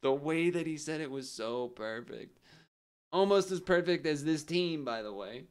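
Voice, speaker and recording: A man's voice: on the high side, expressive, normal speed, clear, resonant tone. A man streaming a game, chatting casually and rambling through a story with frequent chuckles. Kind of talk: casual gameplay commentary.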